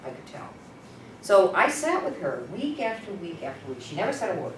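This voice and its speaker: A woman presenting at a workshop, telling a story in an animated, conversational, candid way. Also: lowish voice, brisk. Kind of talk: storytelling teaching talk. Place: workshop room. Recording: echoey room from far off, noisy.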